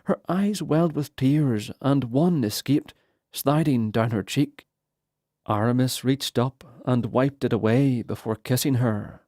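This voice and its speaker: Slow, mellow male audiobook narrator. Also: medium pitch, dry recording, studio quality. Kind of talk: scripted fantasy narration.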